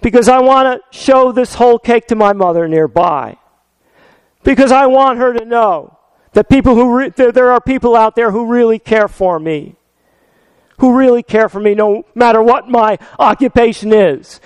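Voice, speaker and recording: A man's voice: very high voice, normal speed, smooth, no room sound, pitched above the performer's own voice, poor audio. A preacher voicing a young woman in a story, speaking earnestly and from the heart. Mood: moved. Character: tender young woman, deeply moved.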